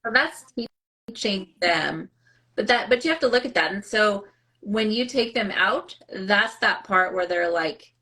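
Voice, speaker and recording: A woman co-hosting a casual live-stream chat, reflective and quick to laugh. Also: medium pitch, expressive. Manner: warm, reflective, laughs often. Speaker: co-host.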